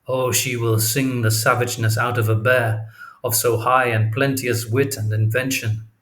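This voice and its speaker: A man's voice: medium pitch, little pitch movement, normal speed, a bit bright, lightly acted. A man reading the lines of an anguished, jealous male general in an audiobook, drawing out his impassioned words.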